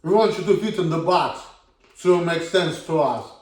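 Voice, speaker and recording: A man's voice: fairly high pitch, animated, moderate pace, darkish tone. A man in his thirties with a Russian accent, ranting bluntly and swearing a lot in a casual monologue. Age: 30s. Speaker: vlogger. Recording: echoey room, from far off.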